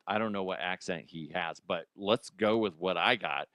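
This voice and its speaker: A man's voice: low-pitched, moderate pace, sharp tone, no room sound. Guy ranting through funny news, swears a lot, rambles, dry close sound. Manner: profane, rambling, jokey. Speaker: host. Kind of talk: comedic news commentary.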